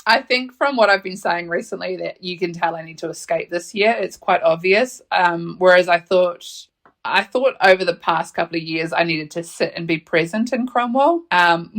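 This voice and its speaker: A woman's voice: on the low side, normal speed, fairly bright tone. A woman, hosting a casual solo podcast. She tells stories in a chatty, blunt way, swears freely and laughs often. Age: late 30s. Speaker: podcast host.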